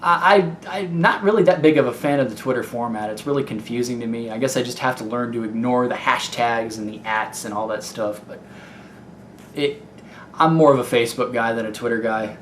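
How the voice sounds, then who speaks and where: Here a young Ohio man with a Midwestern accent makes a casual Q&A vlog for his YouTube gaming channel, talking briskly in a mid-range, fairly bright voice. He rambles frankly, stumbling into fillers and restarts, and the echoey room carries faint noise.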